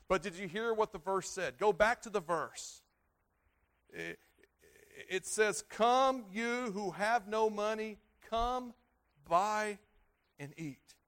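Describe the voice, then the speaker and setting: A man preaching a sermon, repeating himself and restarting phrases, swinging between loud stresses and quiet, low endings. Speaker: pastor.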